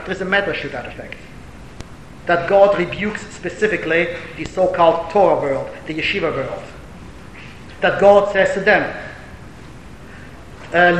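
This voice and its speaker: A man giving a Torah lecture as a rabbi answering a question, telling stories and rising to emphatic declamation, with Hebrew and Yiddish terms mixed in. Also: fairly bright tone. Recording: echoey hall with faint rumble.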